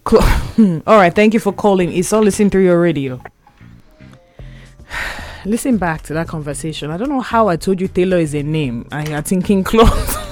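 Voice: mid-range voice, moderate pace, a little mellow. Nigerian radio host, playful, laughs a lot, studio mic, faint music underneath. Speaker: radio game show host. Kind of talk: lively call-in radio chat. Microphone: studio microphone.

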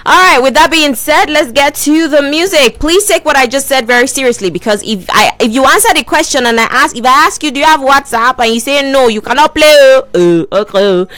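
A woman radio presenter, hosting a lively call-in giveaway in a playful, teasing way. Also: high voice, brisk, hardly any pauses, no room sound. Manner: playful, teasing, repeats herself.

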